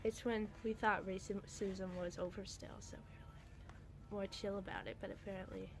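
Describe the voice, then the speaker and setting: A woman in her twenties reading her old comics aloud to her cat, casual chat with a deadpan, wry manner. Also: medium pitch, normal speed, vocal fry, background noise.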